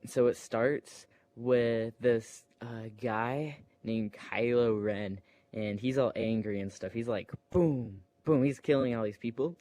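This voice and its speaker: A man's voice: medium pitch, warm tone, no echo. A man casually retelling a movie plot, hesitant and meandering, full of fillers and restarts, with playful sound effects. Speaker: storyteller.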